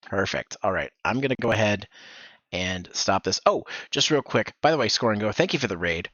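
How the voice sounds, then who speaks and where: A man hosts a voice acting workshop, encouraging and directing with quick demo readings. His voice comes through a gaming headset, sounding muffled and dry with no room behind it. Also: on the low side, expressive, fairly bright tone, no echo. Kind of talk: instructive streaming chat. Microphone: gaming headset mic. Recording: dull, dry headset audio.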